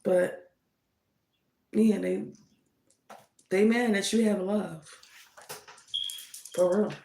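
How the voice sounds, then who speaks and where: A woman's voice: mid-range voice, steady tone, very slow, gravelly, dark tone. A woman giving a casual tarot reading, speaking emphatically and scolding with indignant rhetorical questions. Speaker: tarot reader. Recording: echoey room.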